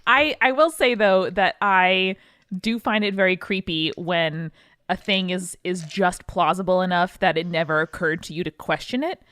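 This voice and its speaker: Low-voiced woman, dry and close. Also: normal speed, a bit bright, no echo. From New England. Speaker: podcast co-host. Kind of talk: casual podcast banter.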